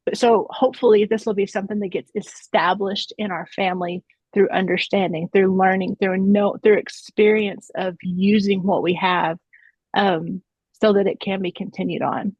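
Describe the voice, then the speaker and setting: A woman's voice: medium pitch, fairly even intonation, moderate pace, a little mellow, slightly rough, dry recording. A woman in her thirties or forties, talking earnestly in a casual round-table discussion and telling stories with many restarts. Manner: earnest, storytelling, frequent restarts and "right?". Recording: dull lo-fi dry sound.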